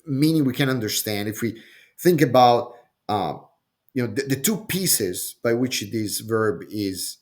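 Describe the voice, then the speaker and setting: A man teaching a Bible passage word by word, speaking slowly and deliberately, often pausing with "um" and checking in with "okay?". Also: medium pitch, animated. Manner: slow and deliberate, frequent "okay?" and "um", repeats words while thinking. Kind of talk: slow explanatory lesson.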